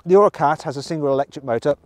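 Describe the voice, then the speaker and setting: A man's voice: on the high side, racing. Upbeat British man reviewing a car. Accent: British English. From English Midlands. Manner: upbeat, playful, chatty. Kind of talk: presenting a car review video. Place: in and around a car.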